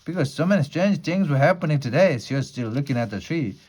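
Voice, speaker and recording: A man reading a story aloud for English learners, at an unhurried pace with the odd filler and restart. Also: on the high side, expressive, darkish tone, husky.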